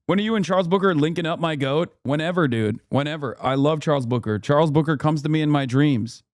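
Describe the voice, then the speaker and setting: A man hosting a live stream, reacting to political clips with loud, profane, mocking commentary that swings into shouting. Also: fairly high pitch, fast, no room sound, clean studio sound.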